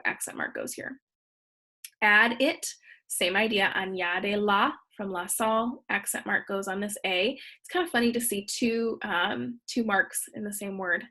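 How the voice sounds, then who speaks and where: A woman's voice: mid-range voice, pushed and bright. A woman, a Spanish teacher, explaining grammar patiently step by step in a recorded slideshow lesson.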